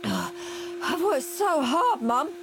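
A cheeky young boy in a storybook, as a woman puts him on, pitched high and swooping widely between excited and whining. The reading sits over a steady humming background noise. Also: unhurried, full character voice. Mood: whiny.

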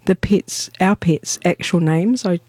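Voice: mid-range voice, a little slow, a little mellow, dry recording. A radio co-host talks in a loose, playful, rambling way. The host back-announces songs and spins off into silly asides. The talk is casual and unscripted.

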